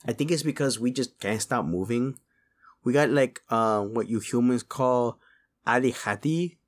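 A man's voice: medium pitch, unhurried, lightly acted. A man voicing a small, hungry male chupacabra who is cheeky and boastful, slipping Spanish words into his English. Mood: rambling. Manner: mixes Spanish words into English, whiny and pushy. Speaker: voice performer.

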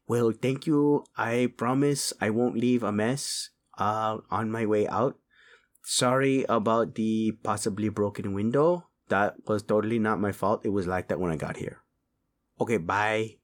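A man voicing a small, hungry male chupacabra who is cheeky and boastful, slipping Spanish words into his English. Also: on the low side. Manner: mixes Spanish words into English, whiny and pushy. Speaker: voice performer.

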